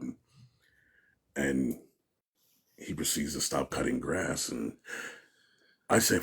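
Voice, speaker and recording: A man's voice: very deep voice, measured pace, long pauses, slightly rough. A man giving an interview, telling a story in a casual way and acting out what people said. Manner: animated storyteller, acts out quotes, laughs often. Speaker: interview guest.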